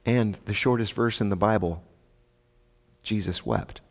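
A man's voice: on the low side, unhurried. A man giving a sermon as pastor, speaking conversationally with rhetorical asides to his congregation. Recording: long reverb of a large hall.

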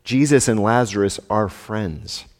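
A man's voice: on the low side, a little slow, a little mellow. A man giving a sermon as pastor, speaking conversationally with rhetorical asides to his congregation. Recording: long reverb of a large hall.

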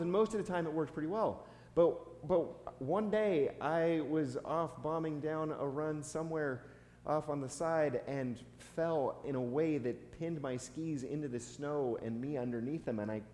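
In an echoey church hall with faint ambience and a touch of hiss or hum, a pastor from the United States gives a sermon as a storyteller. His medium-pitched voice carries a personal story, punctuated by occasional restarts and soft laughter.

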